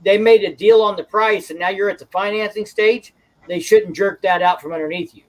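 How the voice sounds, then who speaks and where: A man's voice: high-pitched, steady tone, a little fast, poor audio. A man from the Ozarks, a motorcycle vlogger, chatting casually in a folksy, rambling way. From Ozarks, United States. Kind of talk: casual chat.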